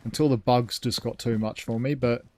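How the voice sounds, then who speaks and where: A man's voice: mid-range voice, steady tone, normal speed, a little mellow, slight background noise. A man streaming a ship game live, rambling as he thinks aloud and thanks his chat.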